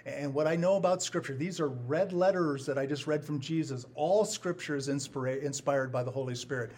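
A man preaching a sermon as a pastor, emphatic and repetitive, with his loudness rising and falling to stress his points. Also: a little high, a little fast, a little hiss or hum. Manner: emphatic, rises and drops in volume for stress, repeats phrases.

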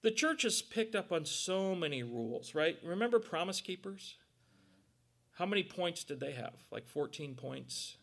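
A man's voice: fairly high pitch, animated, moderate pace, vocal fry, fairly bright tone. A man preaching a conversational sermon as pastor, joking and acting out quotes and little sounds as he goes.

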